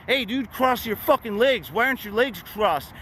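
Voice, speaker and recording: A man's voice: extremely high pitch, expressive, normal speed, a bit bright, a little hiss or hum, pitched above the performer's own voice, rough recording. A man voicing an aggressive male police officer who barks profane orders and threats. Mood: menacing. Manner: menacing, profane, barking orders. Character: aggressive male street cop, bullying.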